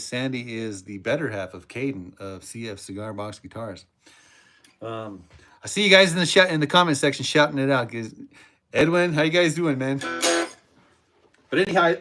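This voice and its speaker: A man's voice: a little high, a bit bright. A man hosting a podcast, chatting casually and telling a rambling story with repeated words. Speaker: podcast host, cigar box guitar builder. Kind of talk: casual chat with live chat viewers.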